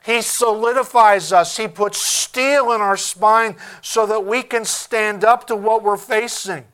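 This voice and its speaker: Male preacher, high-pitched and emphatic, restarts phrases as he goes. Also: fairly even intonation, fairly bright tone, clear, resonant tone. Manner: emphatic, deliberate, repeats words while searching. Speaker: pastor. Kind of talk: sermon.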